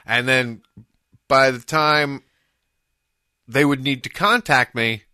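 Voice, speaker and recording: A middle-aged man with a bright, sharp voice, telling a long story in casual podcast chat. He rambles and restarts often, and his voice lifts when he gets excited. The sound is dry and close. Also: medium pitch, slow pace, dry recording. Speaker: podcast co-host.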